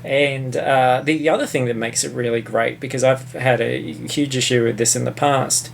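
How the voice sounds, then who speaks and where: An Australian man with a gravelly, creaky voice, talking through a film review in a loose, casual podcast chat. He is blunt and opinionated, and he swears freely as he makes his points. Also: medium pitch, steady tone, normal speed, a little hiss or hum. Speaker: podcast co-host.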